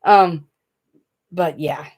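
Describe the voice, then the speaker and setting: A DIY craft channel host from Tennessee, a woman with a Southern US drawl, chats loosely to viewers on a livestream from a small, hot room at home. Her voice sits a little low, slightly rough and a little mellow, and she speaks very slowly. She rambles from thought to thought with fidgety, talkative ease.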